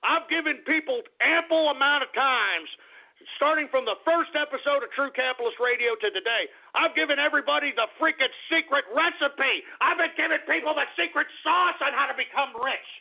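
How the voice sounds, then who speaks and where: A man's voice: very high-pitched, brisk, gravelly. A male radio host talking through a rambling, flustered monologue, apologizing and restarting often. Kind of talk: call-in radio talk show monologue. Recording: tinny phone-quality radio audio.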